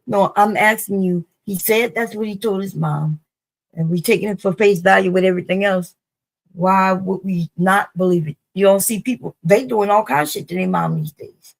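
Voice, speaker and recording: A woman's voice: medium pitch, moderate pace, creaky, low-quality recording. A woman panelist arguing in casual debate, pressing the others with questions.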